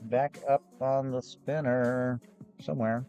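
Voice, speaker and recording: A hoarse man, losing his voice, hosts a live gem and fossil sales show in a rambling, chatty way with frequent restarts. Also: medium pitch, fairly even intonation, slow, dark tone, faint music behind. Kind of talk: casual live-stream sales chat.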